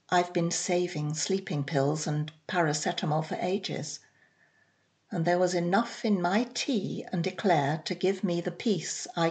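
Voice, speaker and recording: A woman reading aloud, voicing a weary older woman who speaks quietly and slowly. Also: fairly low pitch, voice pushed down, close to an everyday voice. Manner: quiet, soft-spoken.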